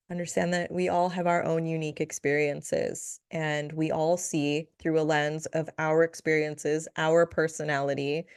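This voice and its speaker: Woman podcast host, low-ish voice, relaxed chatty monologue with giggles, dry close mic. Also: clean tone, no echo. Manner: chatty, giggly, playful asides. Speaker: podcast host, spiritual reader.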